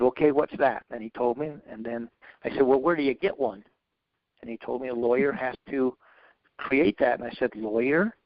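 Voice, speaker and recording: Speaking in a gravelly, medium-pitched voice, this man tells his life story in an interview, playing out both parts of old dialogues with animated, faith-filled earnestness. The lo-fi recording is dry and a little dull.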